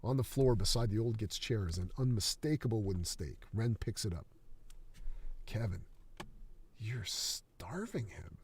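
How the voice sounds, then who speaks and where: A man reading his screenplay aloud in a steady, dramatic manner. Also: lowish voice, fairly quick, few pauses, a little hiss or hum.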